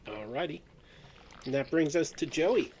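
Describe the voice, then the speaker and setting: A man narrating as game master, calmly explaining rules step by step. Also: a little high, a little slow, slight background noise, low-quality recording.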